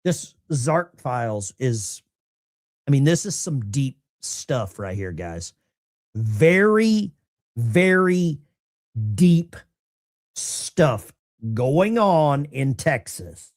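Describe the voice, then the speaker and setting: Man with a lively, swooping delivery. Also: medium pitch, slow pace. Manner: animated, incredulous, talks to the chat. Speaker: independent political commentator. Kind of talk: live-streamed political commentary.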